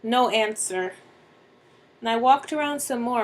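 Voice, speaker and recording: A woman telling a dramatic first-person story, slow and deliberate with long pauses. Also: a little high, poor audio.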